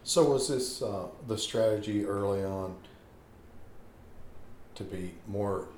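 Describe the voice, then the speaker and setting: A male interviewer asks hesitant, probing questions, feeling his way toward his point. His voice is low. The room adds noticeable echo, with faint hiss behind. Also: slow pace, a little mellow.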